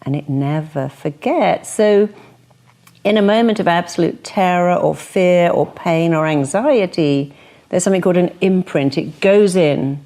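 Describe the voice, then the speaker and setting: A woman speaker and therapist giving motivational advice in an interview, lively and acting out quoted voices as she talks. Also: lowish voice, measured pace.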